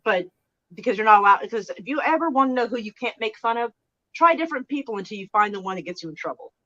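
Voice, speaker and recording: A woman's voice: a little high, animated, quick pace, bright, forceful tone. Rambling casual woman streamer, slightly dull sound. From Oklahoma. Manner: rambling, frank, trails off and restarts. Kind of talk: casual live-stream chat.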